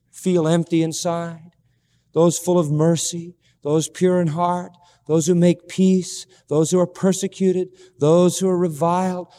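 Emphatic high-voiced male preacher. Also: mellow, in a large hall. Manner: emphatic, rhetorical questions, repeats key phrases. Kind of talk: sermon.

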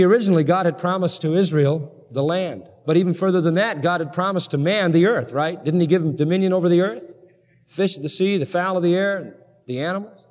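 A man preaching a sermon to a congregation, emphatic and building to excited peaks. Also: a little high, long reverb tail. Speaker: pastor.

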